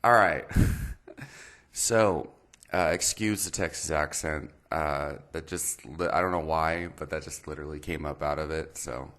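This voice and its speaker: A man's voice: extremely low pitch, steady tone, fairly bright tone. A man hosting his own health channel, talking in a casual, meandering way with lots of fillers. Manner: meandering, many fillers and pauses. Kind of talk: casual explainer talk.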